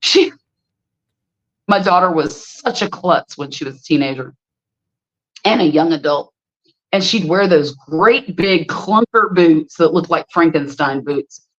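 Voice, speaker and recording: A middle-aged woman hosting a casual livestream and telling stories with a lively, swooping voice. She reads viewer comments and exclaims freely. The sound is slightly muffled, as if from a lo-fi home stream. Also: low voice, measured pace, long pauses. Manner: animated storyteller, exclaims freely. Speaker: livestream host. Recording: slightly dull lo-fi stream audio.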